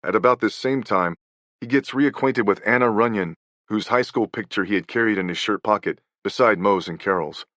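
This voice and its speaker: A man reading nonfiction as an audiobook narrator, in a measured, even delivery. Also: on the low side, dry recording, clean studio sound.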